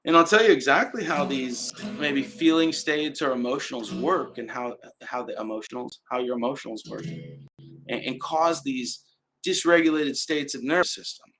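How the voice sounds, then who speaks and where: A man hosting a casual live stream at home, talking in a relaxed, rambling way with frequent restarts. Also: mid-range voice, moderate pace. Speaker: host. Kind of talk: casual livestream talk. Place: indoor home setup with adjustable lights. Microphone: camera mic on a live stream.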